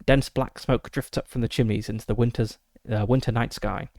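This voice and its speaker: A man with a gravelly, crackly voice reads a solo tabletop adventure aloud, dropping in frequent "uh" fillers and side remarks. He sounds close and dry, with no room around him. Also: medium pitch, fairly quick, dry recording. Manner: steady descriptive reading with frequent "uh" fillers. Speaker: streamer running a solo tabletop game. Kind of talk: reading a gamebook aloud with asides.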